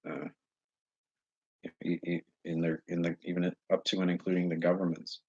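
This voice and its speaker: A man talking straight to his viewers in a casual monologue, earnest and halting as he searches for words. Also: low voice, flat delivery, a little mellow, slightly rough, no echo. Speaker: vlogger addressing viewers. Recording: dull lo-fi recording.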